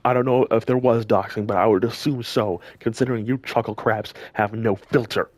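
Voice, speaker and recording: A man's voice: fairly low pitch, steady tone, brisk, dry recording. A man delivering a heated, scolding rant straight at his audience as a commentator, repeating lines for emphasis. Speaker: gaming channel commentator. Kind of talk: angry direct-to-camera rant.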